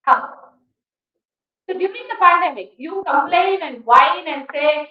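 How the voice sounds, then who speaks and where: High-voiced woman lecturing in an echoey hall. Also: a little slow, pauses often. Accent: Indian English. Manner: rhetorical questions to the class; emphatic, animated. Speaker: guest lecturer. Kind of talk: college guest lecture. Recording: echoey hall, distant dull mic.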